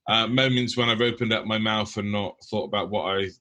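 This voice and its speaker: A man's voice: fairly low pitch, fairly even intonation, a little fast, bright, forceful tone. A young man from the UK, co-hosting a podcast in casual, blunt chat full of ums. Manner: blunt, rambling with many ums. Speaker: podcast co-host.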